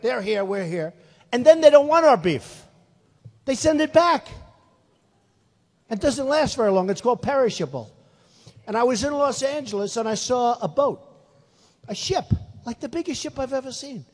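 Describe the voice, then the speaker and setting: A man's voice: very high voice, a little mellow. A man in his sixties giving a rally speech in a large hall, rambling, boastful and repetitive. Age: 60s. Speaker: political candidate. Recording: long hall reverb.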